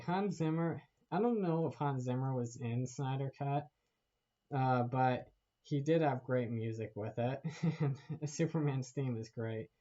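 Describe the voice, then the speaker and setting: A man's voice: medium pitch, mellow, dull audio. A man giving a casual, rambling movie rant to camera, laughing often and swearing as he talks. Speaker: vlogger.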